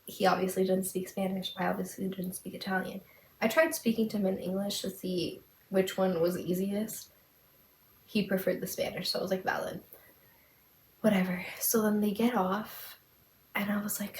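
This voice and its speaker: A young woman tells a story on her podcast, chatty and dramatic, with "like" everywhere. Her voice has a gravelly fry at the ends of phrases. The room sounds echoey, with a faint hiss underneath. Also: medium pitch, steady tone, a little fast. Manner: chatty, lots of "like", dramatic retelling. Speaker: podcast host. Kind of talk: casual storytelling.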